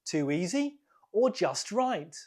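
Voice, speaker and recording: A British woman hosting an English quiz, slowly and deliberately repeating each word for learners. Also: fairly low pitch, sing-song, dark tone. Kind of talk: slow, clear quiz teaching.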